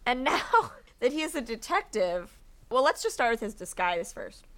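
A woman co-hosts a relaxed book podcast, her pitch swinging widely as she talks. She reads passages aloud and breaks into laughing asides. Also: normal speed. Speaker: podcast co-host. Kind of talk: casual book discussion podcast.

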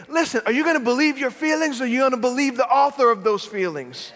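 A man preaching a sermon as a pastor, swinging between loud declarations and hushed, intimate moments. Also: extremely high pitch, lively intonation, fast talker, few pauses, big-room sound.

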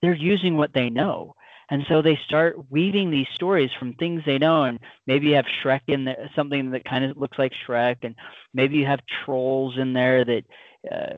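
A man's voice: mid-range voice, steady tone, moderate pace, no echo, narrow, tinny audio. A man in casual podcast chat, talking enthusiastically and rambling with many fillers.

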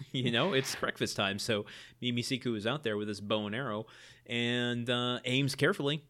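Male podcast co-host, easygoing plot recap, mid-pitched, chuckles between lines. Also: moderate pace, fairly bright tone. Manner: laid-back plot retelling with chuckles. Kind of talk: casual comedic movie recap.

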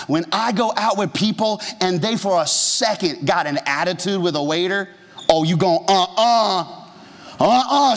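A man pastor delivers a lively sermon in a slightly higher voice, teasing his congregation and tossing them questions. The sound carries a long reverb tail from a church sanctuary. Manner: humorous, conversational, asks the congregation questions.

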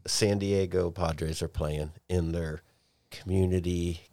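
A man with a low voice asks his guest questions in a relaxed, conversational way. The recording is dry and close. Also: takes it slowly, dry recording. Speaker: podcast host. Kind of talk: casual chat.

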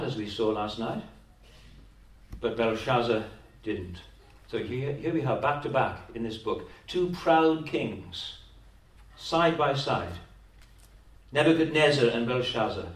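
Welsh pastor preaching in an echoey hall. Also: male voice, medium pitch, expressive, a little slow. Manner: rhetorical tag questions, repeats words when pressing a point. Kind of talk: sermon. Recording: echoey hall, distant mic.

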